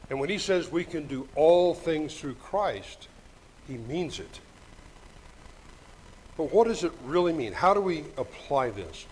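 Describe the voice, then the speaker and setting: An older man delivering a Sunday sermon in a church, joking lightly and reading scripture slowly. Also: on the high side, a little mellow, a little hiss or hum, poor audio. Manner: folksy, joking asides, reads scripture slowly. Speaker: preacher. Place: church sanctuary. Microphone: microphone with monitor.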